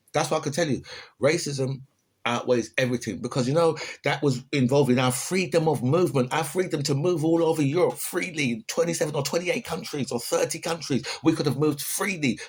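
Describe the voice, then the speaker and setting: A man's voice: mid-range voice, moderate pace, slightly rough. A man from the UK with a British accent, delivering an impassioned opinion monologue and often asking "right?" to his listeners. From United Kingdom.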